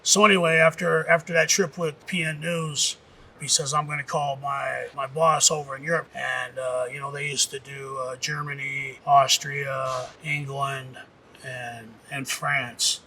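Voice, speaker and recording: A man's voice: mid-range voice, little pitch movement, measured pace, pushed and bright, slight background noise. A middle-aged man and former pro wrestler from Nebraska tells rambling, profane stories in a casual documentary interview. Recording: distant mic with faint music.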